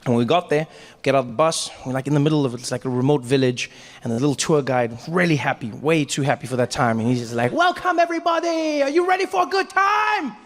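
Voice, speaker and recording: A man from Africa doing a stand-up comedy set, telling stories with animated asides. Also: mid-range voice. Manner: animated storytelling, quick asides. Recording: live stage with long reverb and faint ambience.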